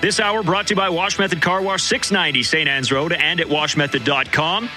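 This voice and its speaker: A man in his twenties hosting a sports radio show, reading sponsor plugs and chatting in quick, upbeat banter. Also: fairly high pitch, bright, forceful tone, soft background music. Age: 20s. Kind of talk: casual sports radio chat.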